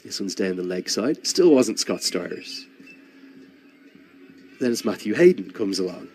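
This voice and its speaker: A low-pitched man commentates live on cricket from the box, drifting into a chatty, rambling story full of restarts. Faint crowd noise sits behind his voice. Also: very animated, measured pace, darkish tone.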